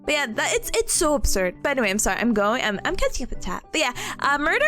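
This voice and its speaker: A young woman with a high, bouncy voice that swoops up and down, chatting and storytelling on a livestream. She acts out quoted voices and laughs often, with faint music playing underneath. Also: very animated, fast talker, few pauses, a bit bright. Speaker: streamer. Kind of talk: casual chat stream.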